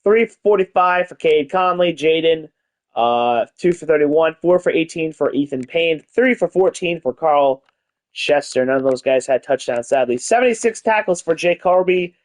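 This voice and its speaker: A man streaming a college football game, chatting casually and reading out stats, with sudden excited mock-announcer outbursts and swearing. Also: a little high, moderate pace. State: tired, yawning. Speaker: gaming streamer. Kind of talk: casual live game commentary.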